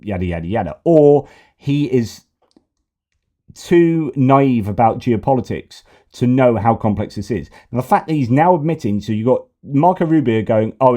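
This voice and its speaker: A man's voice: medium pitch, mellow. Exasperated man commenting on news. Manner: exasperated, sarcastic, repeats himself. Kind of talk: political commentary.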